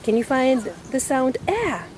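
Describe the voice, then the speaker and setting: Slow, patient woman teaching phonics. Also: sits high, big pitch swings, background noise. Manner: patient, slow and encouraging, sounding out letters. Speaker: reading teacher. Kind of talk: phonics lesson with a young child.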